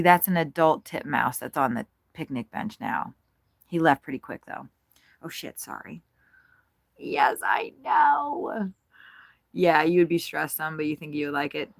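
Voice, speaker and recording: A woman's voice: low voice, vocal fry, dry recording. A woman chatting casually as she watches birds at her feeders, giggling and swearing freely as she goes. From United States. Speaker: bird-watching vlogger. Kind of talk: casual running commentary. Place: RV at a campground.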